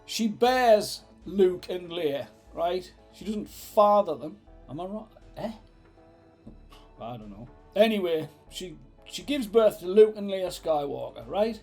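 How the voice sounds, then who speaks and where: A man's voice: high voice, sing-song, a little slow, gravelly, darkish tone, husky, soft background music. A man ranting as a vlogger, sarcastic, exasperated and swearing freely. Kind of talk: ranting commentary.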